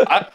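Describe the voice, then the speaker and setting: A man hosting a casual live stream chat, swearing freely and laughing a lot as he tells stories. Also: highs cut off. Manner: profane, laughs often, animated storytelling.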